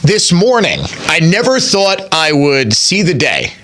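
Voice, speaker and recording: Male talk radio host, slightly high-pitched and sharp-toned, opinionated and conversational. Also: sing-song, measured pace. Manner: conversational, argues his points, addresses listeners directly. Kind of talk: opinionated political commentary.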